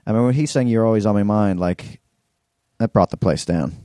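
A man's voice: fairly low pitch, brisk, warm tone, no echo, clean studio sound. A man co-hosting a podcast in casual chat, rambling loosely and swearing freely. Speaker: podcast co-host.

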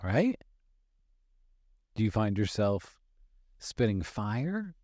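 A man's voice: lowish voice, sing-song, very slow, a little mellow, no room sound, studio quality. A man in his fifties hosting a motivational podcast, talking candidly and emphatically, swearing casually and repeating phrases for stress. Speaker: podcast host and life coach.

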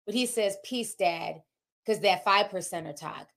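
A woman's voice: mid-range voice, a little slow, creaky, a bit bright. A woman vlogger giving casual gossip commentary, reading posts aloud and reacting with emphatic shock between them.

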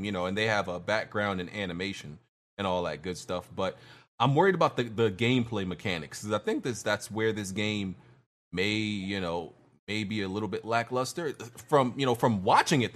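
A man's voice: lowish voice, fairly bright tone. A man co-hosting a casual gaming podcast, talking in a laid-back way with lots of fillers. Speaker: podcast co-host.

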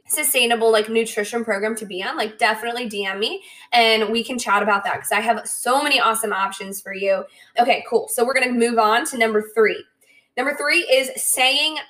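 A young woman hosting a podcast, talking casually and directly to her listeners with lots of "like" and "right?" and quick acted-out asides. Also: a little high. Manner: chatty, frequent "like" and "right?", animated quoted asides. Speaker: podcast host.

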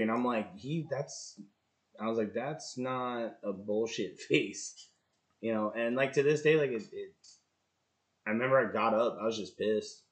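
Guy in his 30s w/ a lowish voice, swearing a lot, loud one sec then mumbling the next, candid interview story. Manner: blunt, profane, swings between loud outbursts and low mutters. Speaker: podcast guest, former Marine.

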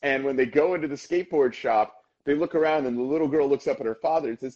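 A man in his thirties, co-hosting a casual podcast, telling an animated story with playful voices for the characters. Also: mid-range voice, quick pace, highs cut off. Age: 30s. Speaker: podcast co-host. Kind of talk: casual chat.

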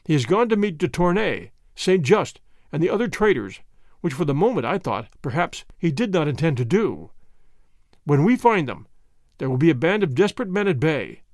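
A man's voice: a little high, big pitch swings, moderate pace, dry recording, clean studio sound. A man voicing a stern, cunning official who gives orders and threats in a cold, commanding way.

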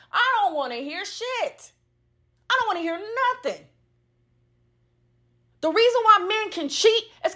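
A young woman with a bright, fairly high voice tells a cheating story on her podcast. She talks bluntly and heatedly, with plenty of profanity. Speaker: podcast host. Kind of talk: storytime rant.

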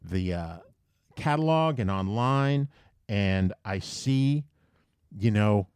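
A man co-hosting a casual podcast, telling a long, animated story with plenty of swearing and restarts. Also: lowish voice, slow pace, smooth, no echo, clean studio sound. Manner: animated ranting anecdotes with profanity.

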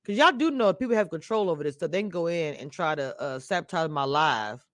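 A woman's voice: deep voice, animated, fast talker, no echo, studio quality. A woman hosting a casual live stream, chatting straight to her viewers and laughing often as she talks. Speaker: live-stream show reviewer.

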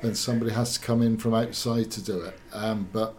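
A man giving his opinion as a pundit in a measured way, sometimes searching for words. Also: fairly low pitch, flat delivery, a little mellow, slight background noise. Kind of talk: casual discussion.

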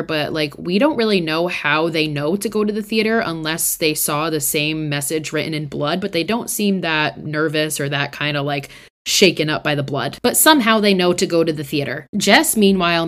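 A woman's voice: deep voice, fairly quick, fairly bright tone. A woman hosting a podcast, casually recapping a horror film in a chatty, profane way with lots of fillers. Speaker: podcast host.

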